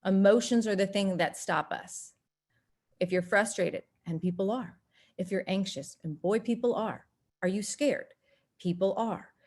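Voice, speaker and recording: A woman from North Texas, presenting an online workshop and acting out quotes in lively voices. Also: measured pace. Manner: animated, acts out quoted voices with big pitch jumps.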